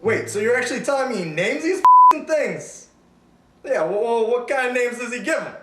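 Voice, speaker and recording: A man's voice: extremely high pitch, expressive, normal speed, over a noisy crowd. A man playing a blunt, foul-mouthed young ex-friend in an amateur mockumentary interview, swearing and scoffing. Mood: outraged. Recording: echoey room with noise.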